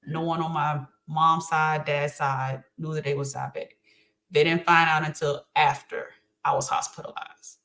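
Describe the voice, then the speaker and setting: A middle-aged woman, the host's mother, chats casually as a podcast guest, talking earnestly about faith and encouragement and saying um often. Her voice is low and a bit bright, with a flat delivery at a moderate pace.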